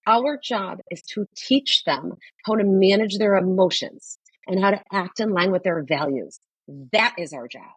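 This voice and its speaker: A woman speaks as a therapist guest on a podcast, in a husky, breathy voice. She is emphatic and hammers each point home, often saying it twice. The sound is dry and close. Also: mid-range voice, animated, a little slow, no echo, rough recording. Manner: emphatic, repeats key points. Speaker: guest, social worker and psychotherapist. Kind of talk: podcast conversation.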